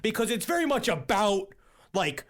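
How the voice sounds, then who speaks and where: High-voiced man riffing with excitement. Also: moderate pace. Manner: profane, rambling and enthusiastic. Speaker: podcast co-host. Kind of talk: excited riffing casual chat.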